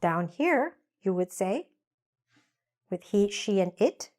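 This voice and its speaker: A woman teaching English grammar in a patient way, saying example sentences slowly so learners can repeat them. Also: mid-range voice, big pitch swings, darkish tone. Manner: slow, patient, spells out examples slowly for repetition. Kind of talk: grammar lesson with repeat-after-me drills.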